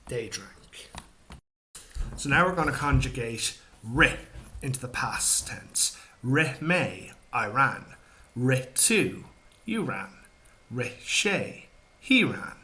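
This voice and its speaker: A man with an Irish accent teaching grammar, calmly drilling verb forms in careful repetitions. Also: mid-range voice. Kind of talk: instructional explanation.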